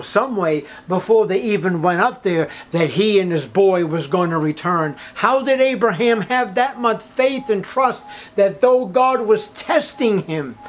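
High-voiced man preaching with drama. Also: slight background noise. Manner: dramatic storytelling, drops to hushed near-whispers for emphasis; asks the listeners rhetorical questions. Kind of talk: sermon.

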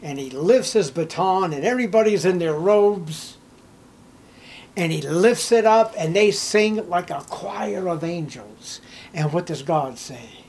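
High-voiced, emphatic male preacher. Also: lively intonation, measured pace, slight background noise, rough recording. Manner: emphatic, swings from hushed to raised. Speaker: pastor. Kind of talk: sermon.

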